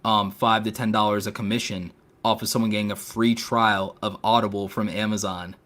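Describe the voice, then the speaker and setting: A man's voice: lowish voice, flat delivery, fairly quick, a bit bright. A man hosting a casual podcast chat, talking in long rambling runs full of fillers, with a sarcastic edge. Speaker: podcast host.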